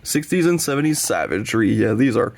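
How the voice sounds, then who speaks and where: A man's voice: mid-range voice, big pitch swings, fairly quick, creaky. A man with a sniffly voice from allergies, rambling casually and enthusiastically through his film collection, swearing when he gets heated. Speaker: horror film collector and channel host. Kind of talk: casual collection showcase vlog.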